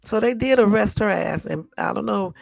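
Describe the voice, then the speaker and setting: A woman's voice: mid-range voice, moderate pace, gravelly, a little mellow, dry recording, faint music behind. A woman hosting a live stream, reacting bluntly and with exasperation to news clips, repeating herself and swearing casually. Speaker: channel host.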